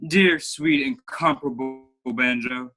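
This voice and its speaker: A man's voice: medium pitch, a little slow, sharp tone, soft background music. A young man playing a flamboyant, vain playwright in a school play over a video call, with florid, theatrical delivery. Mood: gossipy. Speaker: student actor.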